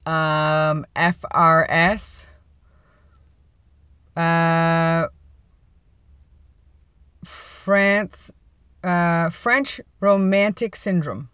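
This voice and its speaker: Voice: mid-range voice, fairly even intonation, very slow, long pauses, a bit bright, clear, resonant tone, dry recording, clean studio sound. A vlogger chatting casually and playfully from inside a parked car, rambling and laughing at their own jokes. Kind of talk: casual chat.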